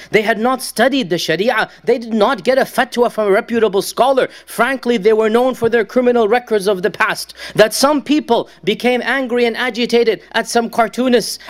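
A man preaching a sermon, telling stories with passion and dramatic pauses. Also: high voice. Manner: impassioned storytelling, dramatic pauses.

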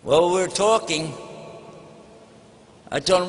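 A man's voice: high-pitched, a little slow, pauses often. A man from Texas with a Texan accent, giving a folksy, humorous storytelling talk to an audience and acting out conversations. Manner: folksy, humorous, acts out phone calls. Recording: hall reverb with faint background noise.

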